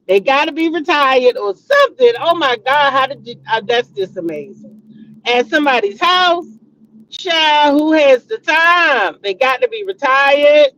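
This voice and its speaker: A woman's voice: high-pitched, sing-song, measured pace, a bit bright, highs cut off, slight background noise. A middle-aged woman hosting a casual commentary show, chatty and swearing, talking to viewers as y'all. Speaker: host.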